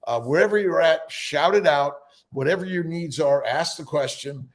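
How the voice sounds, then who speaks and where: A man's voice: fairly high pitch, normal speed. A man hosting a casual morning livestream, rambling with many fillers as he greets viewers by name. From United States. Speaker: livestream host.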